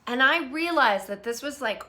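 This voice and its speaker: Chatting live and unscripted from her phone, a middle-aged host rambles along and welcomes each arriving viewer by name. She speaks at a normal speed in a high, expressive voice with a sharp edge.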